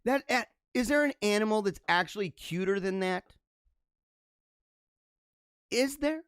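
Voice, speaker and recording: A man's voice: sits high, brisk, fairly bright tone, smooth, no room sound, clean studio sound. A young man hosting a casual livestream, reading viewer comments and rambling through laughing asides.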